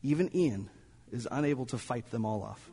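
This pastor's voice sits in the mid-range, mellow and slightly rough, animated and at a moderate pace. He tells a dramatic story during a church sermon, at times falling to near-whispers, while the sanctuary leaves a long reverb tail.

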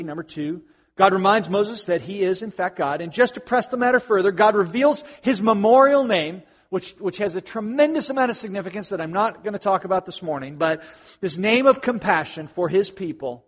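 Male pastor with a high voice, chatty sermon delivery, hushed then emphatic. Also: big-room sound. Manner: conversational, swings between hushed and emphatic.

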